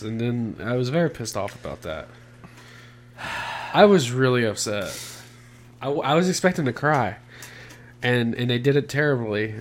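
Casual, profane podcast host, man. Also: medium pitch. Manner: loose, profane, laughing banter. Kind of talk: casual chat.

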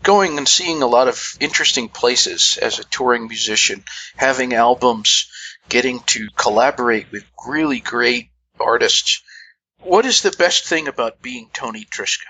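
Male radio host, bright forceful voice, asks long questions. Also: mid-range voice, slightly rough, low-quality recording. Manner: measured, framing long questions. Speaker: radio interviewer. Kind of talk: interview questions.

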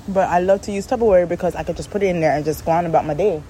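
A woman rambles and vents in a loose, casual monologue, tossing in animated asides. She records outdoors in the shade on a phone, with faint traffic noise behind her. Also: sits low, a little fast, poor audio. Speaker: podcast host.

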